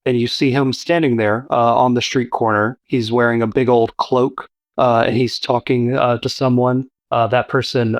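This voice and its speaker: A man runs a tabletop game as game master, describing scenes in a relaxed way and pausing often. His voice sits in the middle male range and sounds dry and close. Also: medium pitch, no echo. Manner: relaxed, descriptive, with many fillers.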